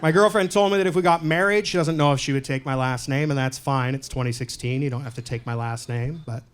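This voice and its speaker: A male stand-up comedian from Canada doing a set in a comedy club, deadpan and self-deprecating, with loud punchlines. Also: medium pitch, fast talker, slight background noise.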